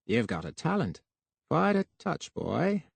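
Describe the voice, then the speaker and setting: Man voicing a brisk, higher patronizing boss. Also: wildly swooping pitch, creaky, slightly rough, no echo, full character voice. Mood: jovial. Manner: brisk, patronizing, calls him boy.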